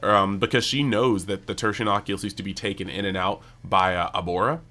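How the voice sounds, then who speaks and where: A man hosting a casual anime episode breakdown, talking excitably and peppering his speech with "like". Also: on the low side, fairly quick. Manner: excitable, heavy use of "like". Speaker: anime channel host.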